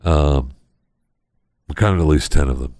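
A man hosting a casual comedy podcast, telling odd news stories in a rambling, deadpan way with lots of pauses. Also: rumbling low, gravelly, no room sound, clean studio sound. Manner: rambling storyteller, many uh fillers, deadpan. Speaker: podcast host.

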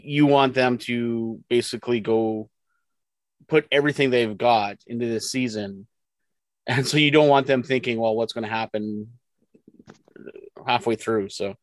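A man co-hosting a football talk show, blunt and animated, quick to joke and jab. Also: medium pitch, no room sound. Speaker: sports podcast co-host. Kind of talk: casual sports talk.

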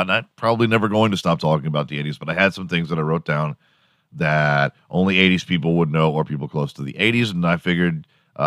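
A man's voice: sits low, fairly bright tone, no room sound. Rambling, crude man on a dry mic. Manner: rambling, crude, laughs at his own jokes. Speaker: podcast host. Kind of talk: solo comedic podcast rant.

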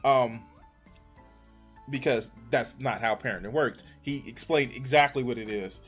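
A man's voice: medium pitch, unhurried, husky, faint music behind. A man reacting to a debate clip on his stream, exasperated and swearing often, talking back at the speakers. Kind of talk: casual reaction commentary.

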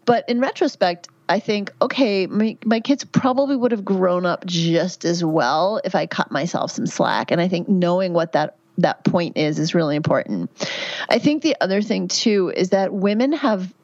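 A middle-aged woman with a lowish voice talks in an earnest, chatty way, full of fillers and restarts. The recording is dry and slightly dull, with a lo-fi edge. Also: animated, moderate pace, a little mellow, no room sound. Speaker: midwife and guest. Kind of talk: conversational interview answers.

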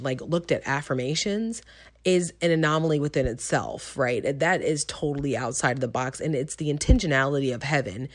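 Reflective woman telling her life story. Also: low voice. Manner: reflective and conversational, with frequent ums. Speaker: teacher sharing a personal story. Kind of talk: personal testimony storytelling.

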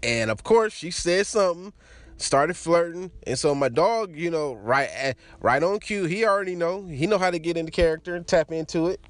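A young man tells a crude story in a casual, loose way. His voice sits a little high and swings widely in pitch as he laughs and acts out what others said. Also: lively intonation, moderate pace, dry recording.

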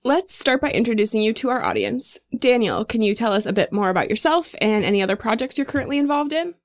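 A woman's voice: fairly high pitch, big pitch swings, fast. A woman co-hosting a podcast, giving a welcoming scripted intro and asking guests questions. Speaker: podcast co-host. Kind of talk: scripted show intro and interviewing.

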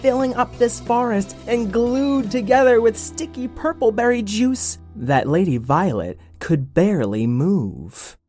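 Woman, playful children's story, stammering restarts, mid pitch, soft music behind. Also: very animated, a little slow, hardly any pauses. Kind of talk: improvised children's story with voices.

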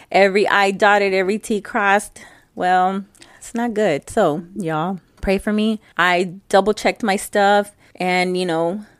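A woman's voice: mid-range voice, no echo. Chatty woman hosting a podcast, dry sound. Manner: chatty and personal, addresses listeners directly. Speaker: podcast host. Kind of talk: casual podcast monologue.

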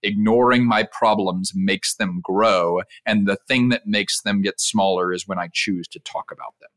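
A young adult man speaking as an interview guest, an animated storyteller who laughs often. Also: lowish voice, normal speed, no room sound. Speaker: podcast guest, leadership speaker. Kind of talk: casual interview.

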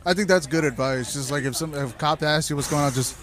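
A man with a slightly high voice talks fast in casual conversation, spinning loose, profane stories about wild nights. His anecdotes are animated, and the whole thing is relaxed chat and storytelling.

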